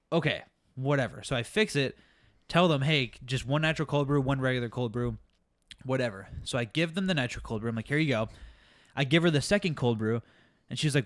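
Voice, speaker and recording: A young man co-hosting a casual podcast, telling a work story in a profane, exasperated, animated way. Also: mid-range voice, no room sound, studio quality. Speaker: podcast co-host.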